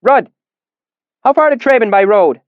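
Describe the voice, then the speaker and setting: Man doing a curt, impatient tavern keeper woman, high and sharp, dull dry recording. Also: very animated, brisk, no echo. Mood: calling out. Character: brusque, snippy female innkeeper.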